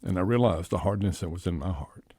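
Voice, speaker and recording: A man, a charity co-founder, reflecting slowly in a podcast interview, often restarting his sentences. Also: deep voice, lively intonation, slightly rough, no room sound, clean studio sound. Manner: halting, soft-spoken, restarts his sentences.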